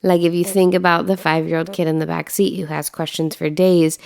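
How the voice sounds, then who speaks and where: A woman's voice: fairly low pitch, flat delivery, vocal fry, darkish tone. A woman in her thirties co-hosting a casual chat, reflective and conversational. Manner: conversational, reflective, quick affirmations. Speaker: podcast co-host.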